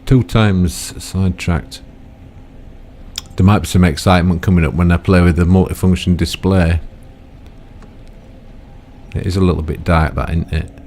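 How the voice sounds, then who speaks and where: A man's voice: low-pitched, fairly even intonation, brisk, pauses often, a little mellow, a little hiss or hum. An older man giving rambling, chatty commentary on his own gameplay, full of tag questions and self-mocking asides. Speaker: gaming YouTuber.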